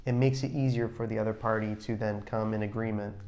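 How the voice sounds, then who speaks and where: A middle-aged man with a fairly low, slightly mellow voice and fairly even intonation co-hosts a podcast. In casual chat he talks earnestly about marriage, offering advice but halting and restarting a lot.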